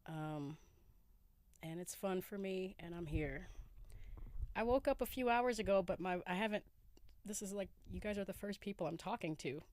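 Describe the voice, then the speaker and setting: A woman's voice: medium pitch, moderate pace, pauses often, darkish tone, no echo. A woman in her forties hosting a casual solo podcast from her camper van, groggy with a morning voice, laid-back and giggly, dropping slang and swearing. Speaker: podcast host.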